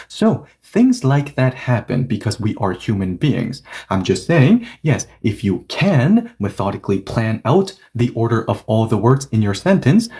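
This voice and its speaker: A man's voice: mid-range voice, dark tone. A man teaching a Korean grammar lesson, explaining word order and acting out example sentences with lots of "okay" and "yes" asides.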